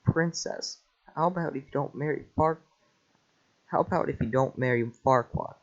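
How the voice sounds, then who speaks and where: A man voicing an excitable male talking donkey in a casual script reading, chatty and quick to panic. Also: medium pitch, close to an everyday voice. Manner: jittery, chatty, yelps in panic. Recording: lo-fi home mic.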